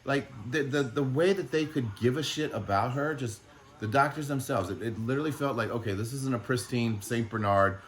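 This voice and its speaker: A man who runs an animal sanctuary, speaking in an emotional vlog monologue, halting and frustrated, often swearing. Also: mid-range voice, a little hiss or hum.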